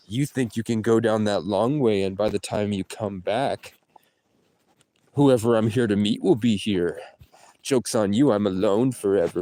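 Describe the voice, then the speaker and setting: A man's voice: lowish voice, takes it slowly, pauses often, warm tone. A man rambling through a profane, jumpy livestream monologue from his parked car and the street around it. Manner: rambling, profane, jumps between topics.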